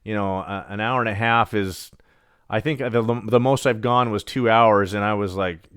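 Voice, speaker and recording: A man's voice: fairly low pitch, measured pace, clear, resonant tone, no echo, studio quality. A middle-aged man chatting casually on a live stream, rambling with lots of ums and self-deprecating asides. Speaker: homesteading channel host. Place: home at night. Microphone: studio microphone.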